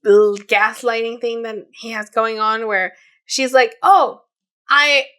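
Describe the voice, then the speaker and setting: A woman's voice: on the high side, little pitch movement, measured pace, fairly bright tone, clear, resonant tone. A woman in her late twenties, co-hosting a podcast and retelling a story in casual chat, with many fillers and quoted voices. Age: 20s. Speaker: podcast co-host.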